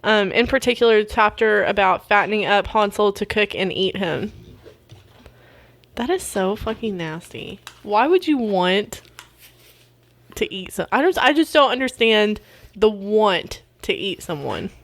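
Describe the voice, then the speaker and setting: A woman's voice: mid-range voice, lively intonation, measured pace, gravelly. A woman co-hosting a casual podcast, telling a true crime case in a giggly, profane way. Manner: giggly, profane, easily amused. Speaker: podcast co-host.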